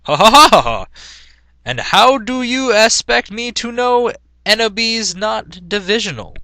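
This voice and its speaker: A man's voice: high-pitched, lively intonation, a little slow, sharp tone, no room sound, pitched above the performer's own voice, heavily acted. A man voicing an old male wizard headmaster who cackles, read aloud from a comic fan story. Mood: cackling.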